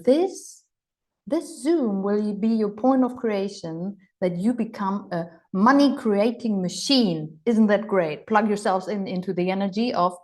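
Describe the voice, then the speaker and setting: A woman's voice: mid-range voice, darkish tone. Woman, upbeat online mentor, exclamatory and playful. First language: German. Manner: enthusiastic, exclamatory, acts out gushing voices. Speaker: healing and money mentor. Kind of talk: live online coaching session.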